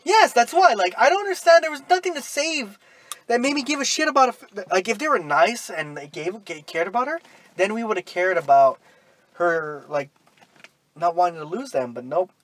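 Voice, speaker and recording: Excitable high-voiced man ranting about a movie. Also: normal speed. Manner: excitable, swears a lot, acts out scenes. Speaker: podcast co-host. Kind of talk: casual movie review chat.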